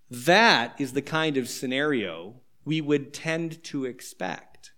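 A man's voice: mid-range voice, lively intonation, takes it slowly, hardly any pauses, pushed and bright. A man preaching a sermon in a conversational, explanatory way. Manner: conversational, explanatory, acts out scenes. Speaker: pastor.

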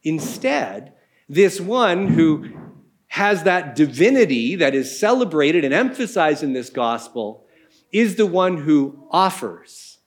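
A man preaching a sermon, explaining scripture in a conversational teaching manner with casual asides. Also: fairly high pitch. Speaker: pastor.

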